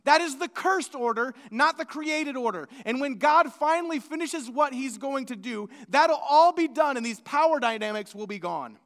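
Male pastor preaching in a church; bright, forceful tone, animated storyteller. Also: extremely high pitch, normal speed, hardly any pauses. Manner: storytelling, animated with acted-out quotes. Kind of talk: sermon. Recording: long hall reverb.

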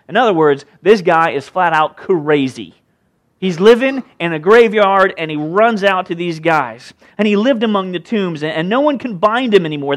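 A male pastor preaching a sermon in an animated, conversational way, with jokey asides. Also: sits high.

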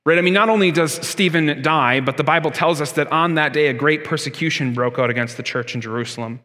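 Earnest pastor preaching, reverberant hall. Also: male voice, on the high side, fast, pushed and bright. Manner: earnest, emphatic, many rhetorical questions. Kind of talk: sermon.

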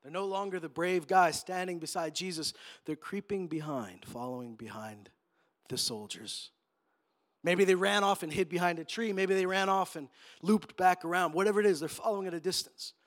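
A pastor giving a sermon in a conversational storytelling way that rises to emphatic moments. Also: male voice, high voice, moderate pace.

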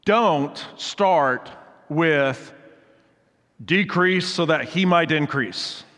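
A man's voice: fairly high pitch, extremely slow, fairly bright tone. A man preaching a sermon, earnest and exhorting, repeating phrases for emphasis, then leading a prayer. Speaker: pastor. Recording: long reverb of a large hall.

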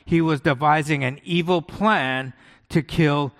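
A man's voice: on the high side, unhurried. Guy preaching a sermon, chatty, keeps going "right?", big echoey hall. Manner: conversational, keeps asking "right?" and rhetorical questions. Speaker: pastor. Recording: long hall echo.

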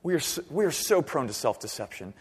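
A man preaching a sermon in a church, animated, swinging from near-shouts down to quiet, earnest tones. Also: a little fast, husky. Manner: animated preaching, rising to near-shouts then dropping low. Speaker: pastor. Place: church sanctuary. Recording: long reverb of a church hall.

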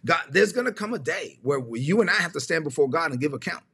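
A man's voice: fairly high pitch, animated, quick pace, pushed and bright, slightly rough. A man preaching a livestreamed sermon, emphatic and repetitive, often acting out little dialogues. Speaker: pastor.

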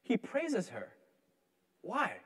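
A man's voice: very high voice, wildly swooping pitch, very slow, a bit bright. A man in his thirties preaching a conversational sermon as pastor, casual and humorous, peppering his talk with "like". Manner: casual, humorous, heavy use of "like".

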